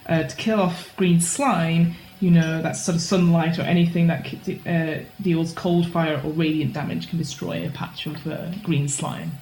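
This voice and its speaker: A woman's voice: sits low, steady tone, moderate pace, hardly any pauses, a little mellow, echoey room, a little hiss or hum, rough recording. A woman narrating a tabletop game as game master, easygoing and laughing often.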